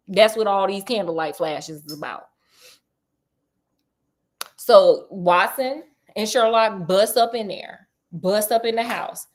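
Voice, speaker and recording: A woman's voice: mid-range voice, a little slow. Woman storyteller, casual and slangy, retells a detective tale by voicing its characters' lines.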